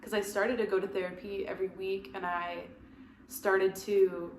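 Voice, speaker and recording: A woman's voice: medium pitch, flat delivery, normal speed. Candid, heartfelt woman guest. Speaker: podcast guest. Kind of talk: casual chat. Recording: roomy echo with faint background noise.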